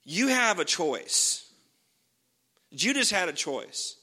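Male pastor, fairly high and bright voice, casual joking sermon, long church reverb. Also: very animated, takes it slowly, breathy edge. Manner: casual and joking, many fillers.

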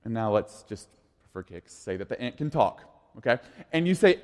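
A man's voice: medium pitch, very animated, normal speed, hardly any pauses. A man in his thirties giving a casual, conversational sermon as a youth pastor, in an echoey hall. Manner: casual, conversational, full of "like" and restarts.

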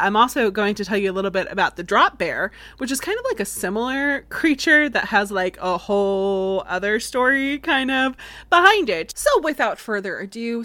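A woman with a light Southern lilt hosts a casual storytelling podcast, chatty and playful and swearing freely. Her voice is bright and clear, recorded close and dry, with no room sound. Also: medium pitch, no room sound. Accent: slight Southern US. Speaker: podcast host.

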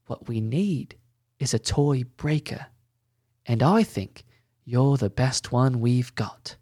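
Guy playing a no-nonsense elf lady mayor, firm and plain, slow and steady. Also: medium pitch, breathy edge, dry recording, studio quality.

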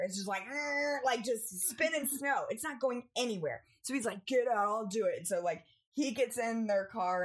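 A young woman in casual storytelling on a podcast, animated and acting out family members as she goes. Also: husky. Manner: animated, acts out family members with big pitch jumps. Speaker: podcast co-host.

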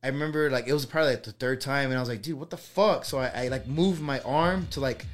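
A man's voice: medium pitch, fast, soft background music. A young man telling a personal ghost story on a podcast, rambling with lots of fillers and swearing. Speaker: podcast co-host. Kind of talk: casual storytelling.

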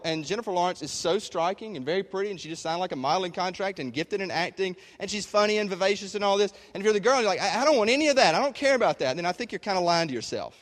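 A man preaching a conversational sermon in a church, with emphatic delivery and many rhetorical questions. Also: a little high. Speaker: pastor. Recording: long hall reverb.

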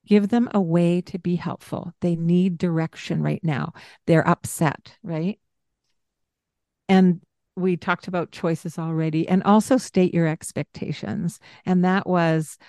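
A woman co-hosting a parenting podcast, calmly explaining and acting out gentle things to say to a child. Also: on the low side, measured pace, dry recording, clean studio sound. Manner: calm, explanatory, acts out gentle parent lines. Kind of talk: conversational advice.

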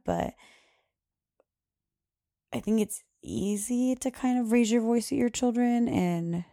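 A young woman talks through motherhood on her podcast in a loose, rambling way, full of fillers and quick laughs. Her voice sits low, with a mellow, dark tone and a steady gravelly fry. She sounds unscripted and conversational. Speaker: podcast host. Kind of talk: casual chat.

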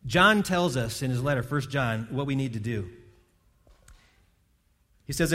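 A man's voice: medium pitch, expressive, a little slow, pauses often, bright, forceful tone. A man preaching a sermon from a church stage, earnest and conversational, often restarting his words. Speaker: pastor. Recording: long hall reverb.

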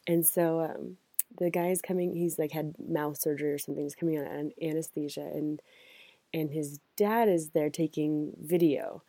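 Chatty woman podcaster, mellow dry voice. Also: deep voice, fairly even intonation, normal speed, no echo. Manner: chatty, rambling, laughs often. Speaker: podcast host. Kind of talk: casual reflective monologue. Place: family cabin. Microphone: AirPods.

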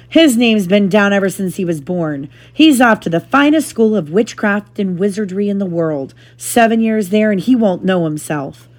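A woman reading a novel aloud to her child, lively and animated, with brief asides. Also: lowish voice.

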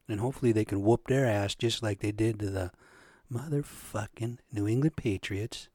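A man's voice: mid-range voice, darkish tone, no room sound, studio quality. A man hosting a solo podcast, ranting in a profane, agitated way. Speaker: podcast host.

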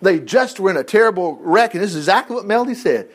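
A middle-aged man preaching a sermon as pastor, telling stories in a folksy, animated way with chuckled asides. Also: high-pitched, fast.

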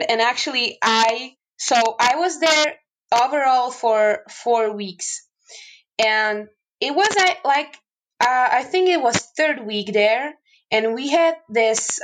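Slow-talking young woman telling stories. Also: fairly high pitch, slight background noise, low-quality recording. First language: not English. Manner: animated storyteller, many fillers and restarts, laughs often. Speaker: podcast guest, hockey player. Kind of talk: casual interview chat.

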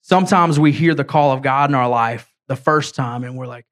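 A man preaching a sermon as an evangelist, retelling a story in casual words and reading scripture aloud with halting slips. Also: mid-range voice, steady tone, a bit bright. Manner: storytelling, voicing characters in a casual way.

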